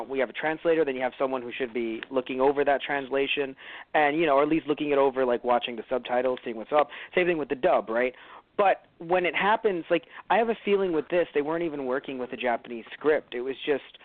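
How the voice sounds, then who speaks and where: A fairly high-voiced man from the United States chats loosely on a podcast, rambling through fillers and restarts. The sound is dry and narrow, like a phone line. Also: no room sound. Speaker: podcast co-host. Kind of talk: casual chat.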